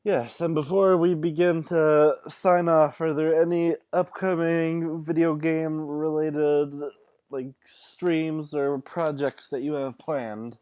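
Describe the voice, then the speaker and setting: A man hosting a podcast, asking interview questions in a slow, dry, deliberate way. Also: a little high, steady tone, darkish tone, smooth, dry recording. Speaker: podcast host.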